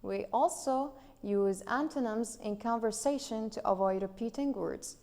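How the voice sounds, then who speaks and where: A woman with an Iraqi Arabic accent teaching English grammar in a recorded online lesson, reading example sentences slowly and deliberately. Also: a little high, dark tone, big-room sound.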